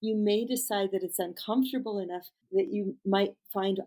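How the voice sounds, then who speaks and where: A woman coach, a guest in an interview, giving gentle and thoughtful answers in a measured way. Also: mid-range voice, fairly even intonation, a crowd in the background, rough recording.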